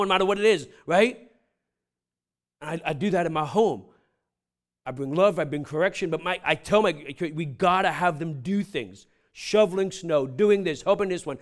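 A man's voice: high voice, fairly bright tone. A man preaching a sermon in a conversational way, often checking in with "right?" and "huh?", building to emphatic peaks. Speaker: pastor.

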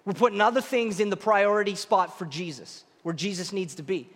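A male pastor delivers a sermon in a high, clear voice. He is earnest and emphatic and repeats his key phrases. The sound rings with the long reverb of a large hall. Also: fairly quick, a bit bright. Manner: earnest, repetitive, emphatic preaching.

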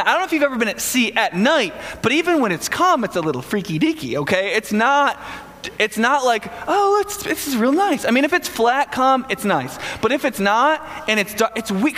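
A man's voice: very high-pitched, pushed and bright. A man preaching a sermon in a casual, joking storytelling way, acting out the voices of the people in his story. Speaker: pastor. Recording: long hall reverb.

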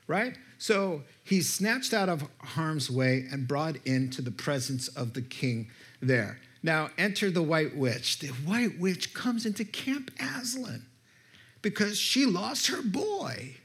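Male preacher, storytelling sermon, slow and emphatic, slightly high voice. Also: big pitch swings, a bit bright. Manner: storytelling, emphatic, asks the listeners questions.

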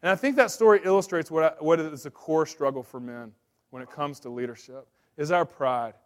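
A man in his thirties preaching a sermon as pastor, swinging between loud, urgent emphasis and quiet, confiding asides. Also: a little high, brisk.

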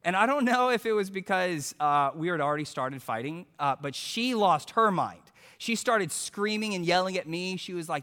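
A male preacher telling a story in a sermon, animated as he acts out quotes, then turning hushed and earnest. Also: sits high, moderate pace, hardly any pauses, long reverb tail.

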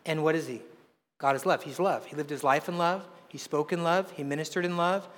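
A man with a high voice preaches to his congregation, mixing jokes and personal stories into the sermon. The sound carries a long reverb from a large hall. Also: steady tone, brisk. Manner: conversational storytelling with humor. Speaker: pastor.

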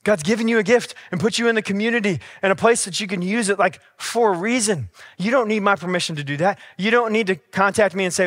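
A man's voice: sits high, fast, few pauses, fairly bright tone, no echo. A man preaching a casual, conversational sermon in a church, with everyday stories and acted-out dialogue. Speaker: pastor. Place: church sanctuary.

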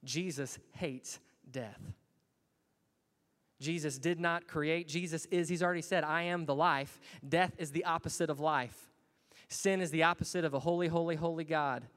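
A man's voice: a little high, fairly even intonation, normal speed, fairly bright tone, big-room sound. A man preaching a sermon in a church, earnest and building to emphatic bursts. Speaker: pastor.

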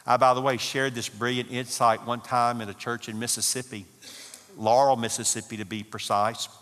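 A man's voice: medium pitch, little pitch movement, normal speed, fairly bright tone. A man giving a humorous, folksy sermon talk at a marriage conference. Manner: folksy storytelling with Southern phrasing. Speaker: conference speaker. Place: church conference hall. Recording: hall reverb.

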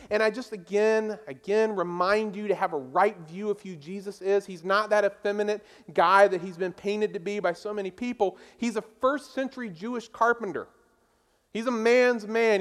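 High-voiced man preaching a sermon. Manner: emphatic, conversational preaching with rhetorical questions. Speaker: pastor.

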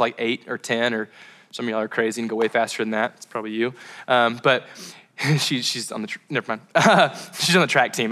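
Chatty bright-voiced young preacher man. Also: mid-range voice. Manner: chatty and rambling, full of fillers and tangents. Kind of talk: casual sermon to a live crowd.

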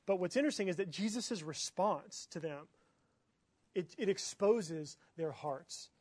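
A man with a high voice delivers a sermon, drawing listeners in with rhetorical questions and repeated check-ins. The sound is dry and close, with no room echo. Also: expressive, unhurried, a little mellow, husky. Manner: rhetorical, keeps asking "right?" and "okay?". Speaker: pastor.

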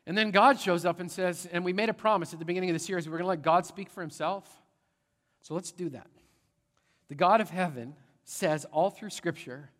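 A middle-aged man preaching to his congregation in a lively, conversational way, often pausing to check in with them. His voice sits a little high for a man. The sermon rings out with the long reverb of a big church hall. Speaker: pastor. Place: large church sanctuary.

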